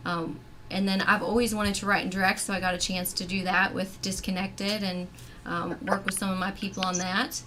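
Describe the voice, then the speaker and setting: A woman's voice: mid-range voice, level tone, normal speed, background noise. A woman guest on a video call, talking about her acting in a chatty, rambling way full of fillers. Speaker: actress and filmmaker guest. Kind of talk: casual chat.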